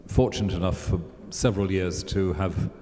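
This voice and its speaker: A man speaking on a panel in a measured, reflective way. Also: sits low, steady tone, warm tone. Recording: hall reverb.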